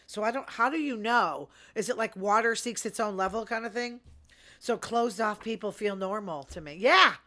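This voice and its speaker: Fast-talking sarcastic woman host. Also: mid-range voice, a bit bright. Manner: chatty, rambling, sarcastic asides; fast talker. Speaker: podcast host. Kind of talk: casual solo commentary.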